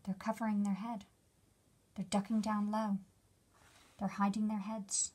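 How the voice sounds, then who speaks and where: A woman reading a picture book aloud to children as their teacher, gently asking them questions about the pictures. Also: mid-range voice, little pitch movement, measured pace. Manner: gentle, asks the listener questions.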